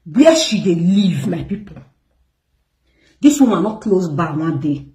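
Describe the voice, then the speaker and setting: A woman's voice: on the low side, very animated, a little slow, warm tone, reverberant. A Nigerian woman hosting an online gossip show, ranting at her viewers in an emphatic, scolding way and repeating words for stress.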